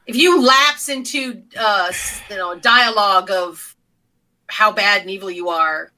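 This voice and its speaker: A woman co-hosting a podcast in casual chat, giving steady opinions and finishing her partner's thoughts. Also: mid-range voice, a little slow, poor audio. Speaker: podcast co-host. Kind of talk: casual chat about roleplay.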